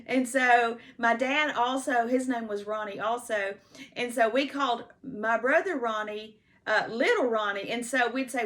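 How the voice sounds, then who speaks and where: In a bright, forceful tone, a fifties-aged woman with a slightly high voice delivers a casual life-story monologue at a normal pace. It wanders, unrehearsed and homespun, heavy on "you know" and restarts, and she stops between stories to consult written notes.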